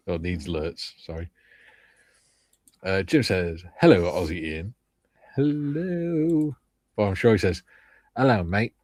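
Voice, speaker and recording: A man's voice: lowish voice, big pitch swings, slow pace, pauses often, darkish tone, dry recording. An older man hosting a casual livestream, joking as he reads out viewers' comments. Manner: jokey, reads out chat comments. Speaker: livestream host.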